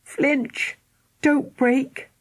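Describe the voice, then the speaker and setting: A woman's voice: high voice, level tone, very slow, no echo, voice pushed up. A woman reading an audiobook, voicing a spirited young girl who fusses over her little brother with exclamations and coaxing. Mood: anxious. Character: spirited young girl, bossy big sister. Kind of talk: audiobook character voice.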